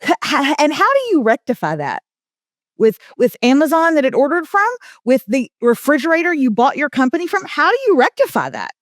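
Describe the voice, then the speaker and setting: A middle-aged woman chats as co-host and tells her stories with lively put-on voices. Her voice sits a little high. The sound is dry and close to the mic. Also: brisk, dry recording. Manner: animated storyteller, jumps into put-on voices. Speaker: podcast co-host. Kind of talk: casual chat.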